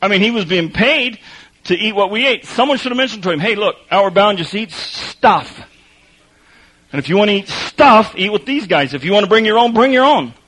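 Animated preaching man, higher voice. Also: rough recording. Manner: animated storytelling with laughter, then slow quiet scripture reading. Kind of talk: sermon with storytelling and scripture reading.

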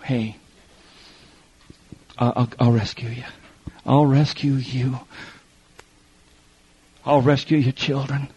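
Heard through a muffled lo-fi recording, a middle-aged man preaches a folksy testimony sermon, acting out the people in his stories. His voice is fairly high, a little mellow and husky, and he relies on quoted voices and repetition.

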